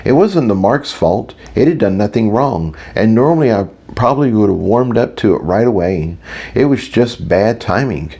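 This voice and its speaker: Deep-voiced man narrating an audiobook. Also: lively intonation, normal speed, warm tone, muffled recording. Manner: wry, self-mocking inner monologue. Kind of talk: first-person audiobook narration.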